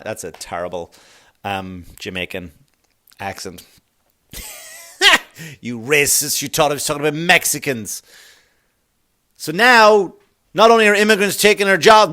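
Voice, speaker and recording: A middle-aged man, a comedian hosting his podcast, rambling through a comic monologue full of swearing and quick put-on voices. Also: on the high side. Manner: swearing, animated, jumps into quick voices for bits.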